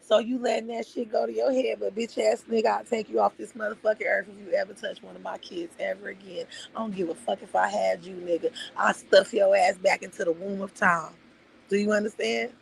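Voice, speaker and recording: Heated and swearing, a middle-aged livestream host goes on an emotional rant, hammering home her points by repeating phrases. She speaks briskly at medium pitch with fairly even intonation and vocal fry, over slight background noise in poor audio.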